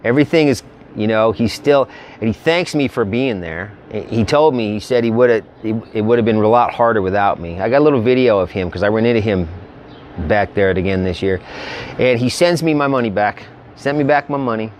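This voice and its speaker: A man's voice: lowish voice, fairly quick, darkish tone, slight background noise. Rambling, profane man telling a story. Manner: rambling, profane, drawling storyteller with slangy grammar. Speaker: motorcycle travel vlogger. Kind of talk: casual storytelling.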